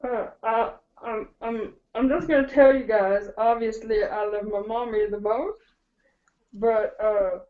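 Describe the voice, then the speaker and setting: A sweet, pampered little girl dog, as a woman puts her on, chirping in a high, cutesy, giggly voice that adores her mommy. The sound is muffled and lo-fi, like an online call. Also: steady tone, unhurried, natural voice. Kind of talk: playful pet role-play on a chat show.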